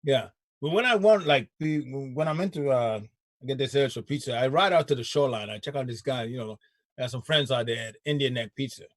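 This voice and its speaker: A man's voice: mid-range voice, fairly quick, dry recording. A man hosting a casual chat show, laid-back and slangy, laughing often. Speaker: show host.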